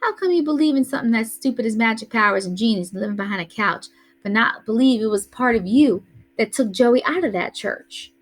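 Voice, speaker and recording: A woman's voice: fairly high pitch, expressive, a little fast, voice pushed up, low-quality recording. A woman reading aloud voices a tough, bossy teenage older brother who scolds in a streetwise way. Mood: lecturing.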